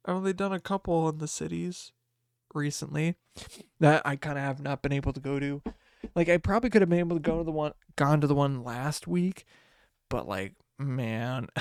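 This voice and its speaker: Gravelly, rambling late-night podcast man. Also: a little high, no room sound, clean studio sound. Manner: rambling, trailing off, tired and yawning. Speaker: podcast host. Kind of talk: casual solo podcast talk.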